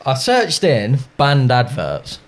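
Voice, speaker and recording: A man's voice: mid-range voice, wildly swooping pitch, very slow. A young man co-hosting a podcast in casual chat, swearing freely and laughing often. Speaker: podcast co-host.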